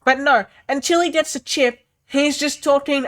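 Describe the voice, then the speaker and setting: Young woman, kinda high voice, ranting casually, swears a lot, tons of likes and ums. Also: moderate pace, hardly any pauses. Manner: animated, swears freely, many fillers. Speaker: film reviewer. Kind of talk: casual spoken film rant.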